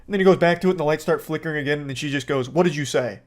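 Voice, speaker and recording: A man's voice: on the high side, very fast. A man, an online movie reviewer, ranting in a sarcastic, exasperated and profane style. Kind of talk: casual ranting commentary.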